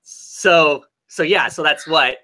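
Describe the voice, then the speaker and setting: Bright-voiced chatty man. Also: on the high side, slow. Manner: rambling, many fillers and restarts. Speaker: podcast co-host reviewing comics. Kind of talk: casual chat.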